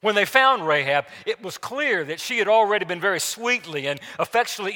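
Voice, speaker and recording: A male pastor preaches a sermon in a church sanctuary, emphatic and repeating key phrases, swinging from loud declarations to hushed asides. His high-pitched, animated voice moves briskly with few pauses, trailed by long reverb.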